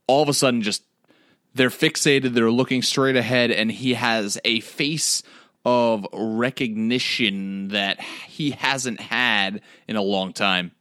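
A man's voice: mid-range voice, fairly even intonation, takes it slowly, a bit bright, no echo, studio quality. A man playing a tabletop game, narrating his character's actions in the third person. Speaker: player.

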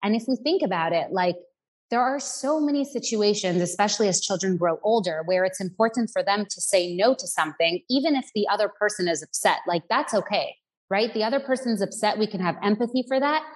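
A woman with a middle-pitched voice explains ideas as a podcast guest. She lays out her points steadily, now and then voicing a parent's words. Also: lively intonation, brisk, poor audio. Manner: explanatory, acts out parents' phrases. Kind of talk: casual podcast conversation.

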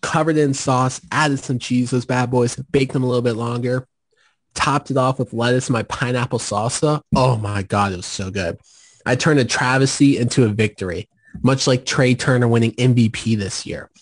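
A man co-hosting a podcast, telling jokey stories in an animated way and bragging in jest. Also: mid-range voice, normal speed, no echo. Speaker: podcast co-host. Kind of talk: casual podcast chat.

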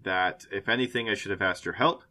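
A man voicing a remorseful husband who gives a halting, earnest apology. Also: low-pitched, sharp tone. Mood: contrite. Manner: halting, earnest, stumbling over words.

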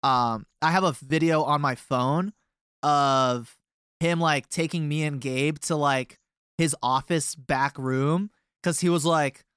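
A man's voice: a little high, slow, fairly bright tone, clean tone, no echo, studio quality. A young man in a band chatting casually as a guest, rambling through a story with lots of filler words. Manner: rambling, many fillers and restarts. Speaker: touring band member, guest.

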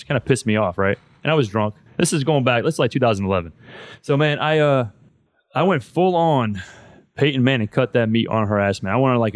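A man's voice: mid-range voice, dry recording, studio quality. A man hosting a podcast in casual chat, loose and profane, saying "man" all the time. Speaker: podcast host.

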